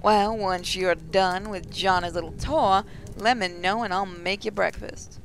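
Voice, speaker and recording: A woman's voice: mid-range voice, unhurried, a little hiss or hum, close to an everyday voice. A woman voicing a doting, motherly female monster cook who fusses over her students in a sing-song coddling way.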